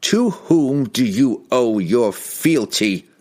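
A man voicing a scheming, pampered male wizard who speaks in a slow, calm, crooning way with an evil edge. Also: mid-range voice, voice pushed up. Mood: silky menace.

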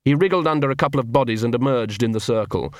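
A man's voice: medium pitch, fast, no echo. A man narrating an audiobook in a dry, wry storytelling manner.

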